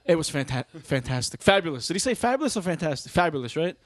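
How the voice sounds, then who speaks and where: A man's voice: a little high, big pitch swings, fast talker. A man co-hosting a podcast, talking bluntly and crudely and teasing his friends. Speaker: podcast co-host. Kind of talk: casual crude banter.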